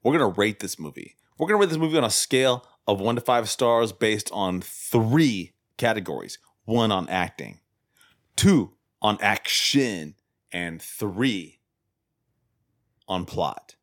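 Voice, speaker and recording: A man's voice: lowish voice, animated, a little slow, fairly bright tone, dry recording, clean studio sound. A man hosting a casual chat, brash and mock-pompous.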